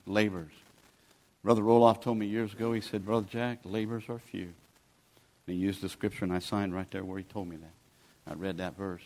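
A man's voice: low voice, little pitch movement, brisk, a little mellow. A man, preaching a sermon in a folksy, pleading, conversational way as a guest preacher. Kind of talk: sermon with altar call.

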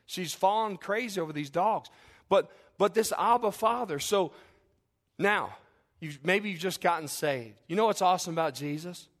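Animated preacher who falls to a hush. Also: male voice, high-pitched, normal speed. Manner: animated storytelling that drops to a soft, hushed close. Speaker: pastor. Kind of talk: sermon.

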